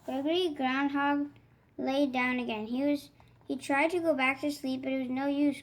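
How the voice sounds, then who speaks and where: A woman with a high voice reads a children's picture book aloud. Her telling is gentle and expressive, the way a bedtime story is read. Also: moderate pace, low-quality recording. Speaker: storybook reader.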